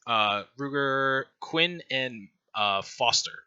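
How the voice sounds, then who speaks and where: A man's voice: medium pitch, animated, slow, bright, forceful tone, clean tone, no echo, muffled recording. A man running a tabletop game as game master, narrating in a loose, laughing, rambling way.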